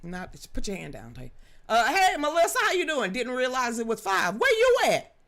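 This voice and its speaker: Give me a woman hosting a casual live stream. She is loud, blunt and quick to joke, and she swears freely. Her voice is bright and edgy and swings widely up and down. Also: a little high, very animated. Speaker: livestream host. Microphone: studio microphone with a level meter.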